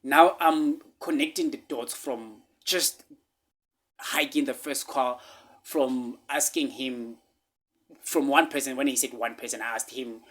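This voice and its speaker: South African man, husky voice, mid-pitched, emphatic and repetitive casual storyteller. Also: steady tone, a little slow. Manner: emphatic, repetitive, often dropping to hushed asides.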